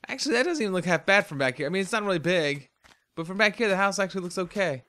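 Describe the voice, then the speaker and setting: A tired, yawning man hosts a game let's play, rambling chattily to himself in casual commentary as he plays. His voice is high-pitched, bright, and forceful, with lively intonation and a racing pace.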